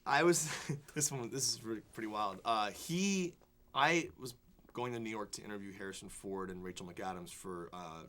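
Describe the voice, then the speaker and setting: A young man, a film critic, telling an animated story in a studio interview, full of fillers and restarts. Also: fairly low pitch, moderate pace, a little hiss or hum. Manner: excited, rambling anecdotes full of fillers and restarts. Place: television studio before a student audience.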